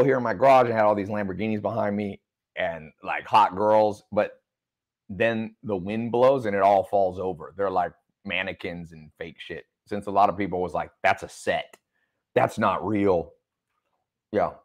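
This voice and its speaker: A man hosting a livestream, reading viewer comments and talking loosely with jokes. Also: on the low side. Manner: loose, joking, reads chat comments aloud. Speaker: online business mentor. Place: studio with a sound engineer.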